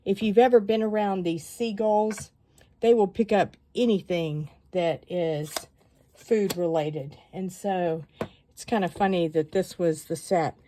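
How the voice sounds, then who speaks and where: A woman calmly walking viewers through a stamping craft project step by step, chatty and given to rambling asides. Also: lowish voice, unhurried, a little hiss or hum.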